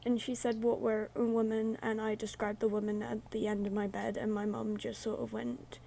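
A woman's voice: mid-range voice, level tone, normal speed, vocal fry, dark tone, slight background noise. A woman, hosting a casual vlog and telling a ghost story in a chatty, rambling way. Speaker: YouTube host.

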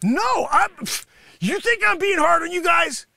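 A man playing a boastful, greedy male karate sensei who scolds his students and pitches an overpriced course in a brash, mocking patter. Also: expressive, unhurried, gravelly, pushed and bright, full character voice. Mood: indignant. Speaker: comedy show host. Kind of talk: improvised comedy character monologue.

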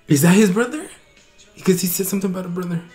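A young man hosting a reaction video, talking casually and getting excited and emotional as he watches. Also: sits high.

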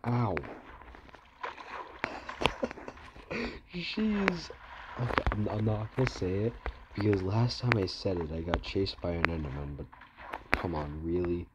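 A man giving casual gameplay commentary, mumbling and breaking into excitable outbursts and groans, recorded with a phone screen recorder. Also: low voice, moderate pace, very noisy. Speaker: gamer. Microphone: phone screen recorder mic.

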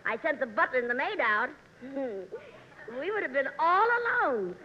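A woman's voice: high-pitched, very animated, moderate pace. A woman playing a bawdy, man-chasing society dowager in a 1940s radio comedy, drawling her lines and laughing at her own jokes. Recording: noisy, dull 1940s radio transfer.

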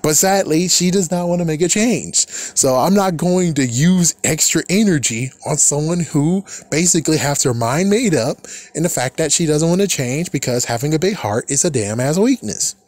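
A man's voice: fairly high pitch, lively intonation, normal speed, a little mellow, dry recording. A man casually recapping a cartoon episode, exasperated and swearing, often laughing at the characters. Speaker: cartoon reaction commentator.

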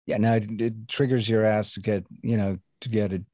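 Deep Swedish-accented man, relaxed. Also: normal speed, no echo. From Sweden. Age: 50s. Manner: laid-back, relaxed, with casual swearing. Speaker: guest musician. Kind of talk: casual interview chat.

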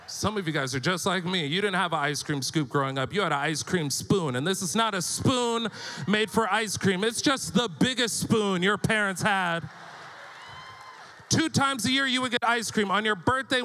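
A man in his thirties doing live stand-up comedy on stage, telling animated stories and acting out the voices of the people in them. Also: high-pitched, slight background noise.

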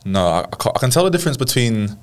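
A young man with an English accent, chatting casually as a podcast guest, relaxed and quick to laugh. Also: medium pitch. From England. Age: young adult. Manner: relaxed, laughs easily, retells with playful quoted voices. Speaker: guest rugby league player.

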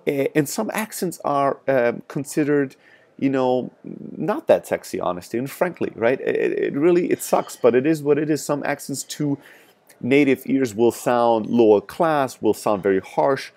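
Man, strong european accent, middle-pitched voice, emphatic motivational talk, blunt. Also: lively intonation, a little slow, darkish tone. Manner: emphatic, frank, frequent "right?" asides. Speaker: sales startup founder.

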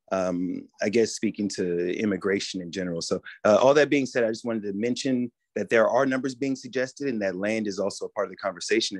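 Low-voiced man giving a halting public comment. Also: no echo. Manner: hesitant, many fillers. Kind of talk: public comment at a town assembly.

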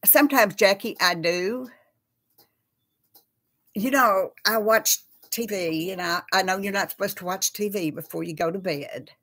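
A woman's voice: mid-range voice, unhurried, fairly bright tone. A middle-aged woman with a Texas accent, chatting casually with viewers on a live stream and calling them y'all. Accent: Texan. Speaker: host of a live chat.

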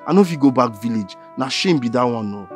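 A man's voice: medium pitch, lively intonation, fairly quick, soft background music, lightly acted. An actor with a Nigerian accent playing a young man who begs a friend and his mother for help. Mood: pleading. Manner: pleading, urgent. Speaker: son.

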